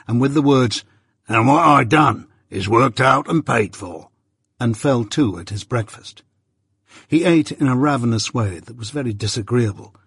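A man reads a classic novel aloud in the first person, with steady, measured storytelling. His voice is slightly husky and mid-pitched. The recording is close and dry. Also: dry recording. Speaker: audiobook narrator. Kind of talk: scripted first-person narration.

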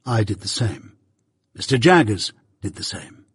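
A man narrating a classic novel in the first person with a measured, even reading. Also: fairly low pitch, husky, dry recording. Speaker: audiobook narrator. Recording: dry close mic.

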